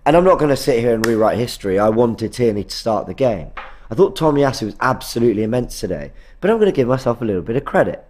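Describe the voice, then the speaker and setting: A man's voice: mid-range voice, big pitch swings, quick pace, darkish tone. Rambling male live-stream host. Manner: rambling, self-correcting, reads viewer comments. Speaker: fan channel host. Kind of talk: live-stream post-match chat.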